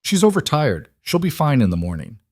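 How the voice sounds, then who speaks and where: A man's voice: a little high, sing-song, a little fast, a little mellow, dry recording, clean studio sound, pitched above the performer's own voice. A man voicing a bitter, dismissive divorced mother who snaps her lines curtly. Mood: sharp dismissive. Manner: snappish, curt.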